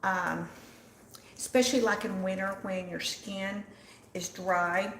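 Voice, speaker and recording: Older woman, Texan Southern drawl, unhurried chatty host, roomy home kitchen, faint background hum. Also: medium pitch, steady tone, fairly bright tone. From Texas. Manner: chatty, reads out and answers live viewer comments. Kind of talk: casual livestream cooking chat.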